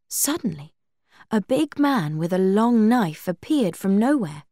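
Slow, lively woman reading a story. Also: dry recording, clean studio sound. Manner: slow, lively reading; higher pitch for quoted speech. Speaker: narrator. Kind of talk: storybook reading with character voices.

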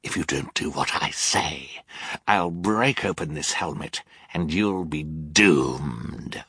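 A man's voice: extremely low pitch, slow, fairly bright tone, breathy edge, no echo, clean studio sound, full character voice. A male audiobook narrator voicing a boastful, scheming villainous man who growls and sneers. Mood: sneering. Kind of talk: audiobook character voice.

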